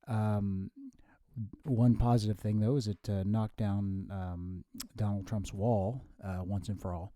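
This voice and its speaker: A man doing his slow, professorial future self. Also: lowish voice, flat delivery, mellow, no room sound, clean studio sound, voice pushed down. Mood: grave. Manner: slow, lecturing like a professor, many hesitations. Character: man's own future self, nearly a hundred, from 2075. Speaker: host. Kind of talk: comedy sketch with himself.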